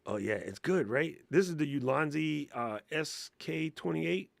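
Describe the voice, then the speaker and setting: A man hosting a casual live Q&A, talking in a slangy, excitable way and laughing often. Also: a little high, unhurried, vocal fry, dry recording. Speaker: livestream host.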